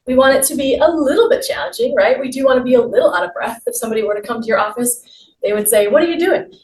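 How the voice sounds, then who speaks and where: A woman's voice: fairly high pitch, fairly even intonation, fast talker, darkish tone. A woman leading a guided exercise class, giving upbeat, encouraging cues while she moves along. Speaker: fitness instructor. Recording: roomy, distant mic with faint noise.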